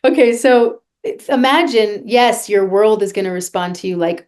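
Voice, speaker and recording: A woman's voice: medium pitch, normal speed, a little mellow. A woman vocal coach being interviewed on a podcast, talking earnestly and guiding listeners through a breathing exercise.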